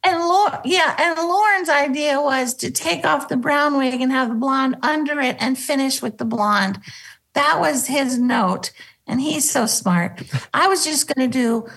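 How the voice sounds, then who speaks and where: High, gravelly-voiced woman telling stories. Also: measured pace, low-quality recording. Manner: animated, acts out quotes, drops into a low voice for bits. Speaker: guest, former sketch comedy cast member. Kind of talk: casual interview storytelling.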